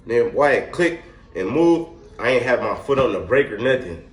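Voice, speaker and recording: A young man telling a wild story in a casual, animated, slangy way, laughing often. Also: mid-range voice, moderate pace. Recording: echoey room.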